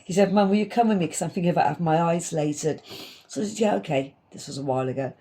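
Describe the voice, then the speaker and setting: A woman's voice: fairly low pitch, rapid-fire, warm tone. Laughing woman telling stories. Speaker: podcast co-host. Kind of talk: casual storytelling chat.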